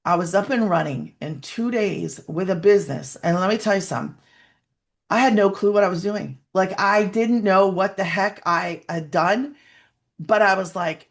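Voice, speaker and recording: Earnest single mom telling her story. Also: fairly low pitch. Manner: earnest, tearful at times, lots of fillers and restarts. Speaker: guest sharing her story. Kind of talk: emotional personal testimony.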